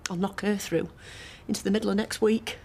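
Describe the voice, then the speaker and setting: An actress playing a wry, guarded young barmaid with a dry, sardonic manner. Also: female voice, medium pitch, steady tone, fairly quick, warm tone, slight background noise, close to an everyday voice. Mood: upset.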